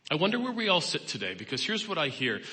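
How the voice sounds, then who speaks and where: Bright-voiced man in his fifties preaching. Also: on the high side, huge pitch swings, quick pace. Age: 50s. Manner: candid, personal, plain-spoken. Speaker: guest speaker and therapist. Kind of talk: conversational sermon. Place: church hall. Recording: long reverb of a large hall.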